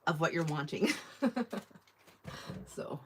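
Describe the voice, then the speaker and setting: A woman's voice: deep voice, animated, takes it slowly, slightly rough. A woman hosting a live online sale, chatting casually and rambling as she reads viewer comments aloud. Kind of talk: casual live-stream sales chat.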